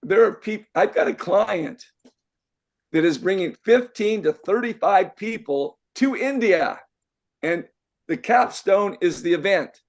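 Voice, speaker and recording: An older male life coach with a high, animated voice speaks at a measured pace, delivering an emphatic motivational talk to a live group in an event room. He repeats himself and fires off rhetorical questions.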